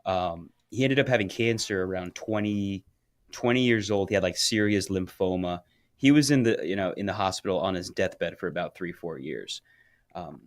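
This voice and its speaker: A man co-hosting a podcast, telling a crude story in casual chat and getting loud when he quotes people. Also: sits low, dry recording, clean studio sound. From Florida. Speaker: podcast co-host.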